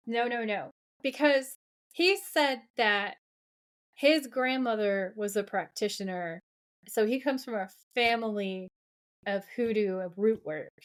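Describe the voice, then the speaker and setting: A woman co-hosting a podcast in a relaxed, chatty recap. She retells scenes with animated asides and quick laughs, her voice sitting at an ordinary middle pitch. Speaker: podcast co-host. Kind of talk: casual recap chat.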